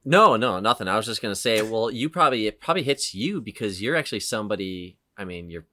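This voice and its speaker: A man's voice: on the low side, lively intonation, quick pace, sharp tone. A man hosting a casual movie podcast, rambling with many fillers and restarts. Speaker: podcast host.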